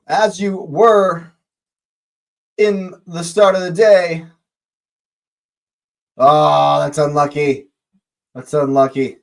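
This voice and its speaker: Excitable fan commentating a live match. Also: male voice, fairly high pitch, slow pace, long pauses. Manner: excitable, shouts at big moments. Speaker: fan watch-along host.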